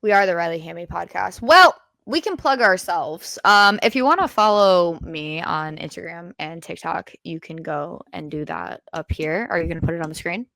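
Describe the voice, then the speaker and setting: Laid-back young woman, lowish voice. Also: expressive, normal speed, vocal fry, hardly any pauses, bright, forceful tone, no echo. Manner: laid-back, filler-heavy. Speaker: podcast co-host. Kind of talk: casual chat.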